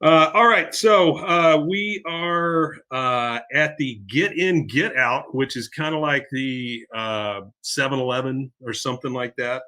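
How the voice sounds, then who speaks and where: A man's voice: medium pitch, a little slow, few pauses, bright, forceful tone. A man hosting a podcast, chattily recapping a cartoon episode and laughing as he retells scenes. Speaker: podcast host.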